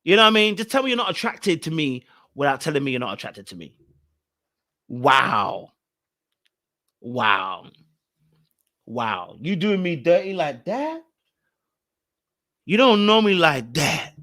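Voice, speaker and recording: Brief: male reaction host, expressive, a bit high-pitched, keeps repeating lines. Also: normal speed. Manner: animated, exclaiming, repeats phrases. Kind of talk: reacting to a reality show.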